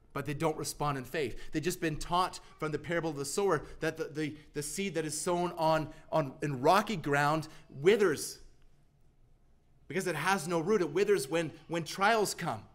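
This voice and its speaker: Earnest preacher man, loud to hushed. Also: fairly high pitch, moderate pace. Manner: earnest, swings from loud emphasis to hushed, near-whispered lines. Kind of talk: sermon.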